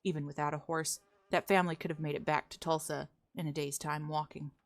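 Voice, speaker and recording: Low-voiced woman, relaxed streamer. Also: fairly quick. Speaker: roleplay streamer. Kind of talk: casual streaming chat and story reading.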